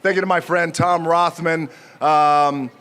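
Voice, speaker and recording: A man in his forties giving an unscripted acceptance speech at an outdoor ceremony, joking and pausing often with fillers. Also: fairly high pitch, fairly even intonation, fairly bright tone. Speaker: speaker at an outdoor honor ceremony.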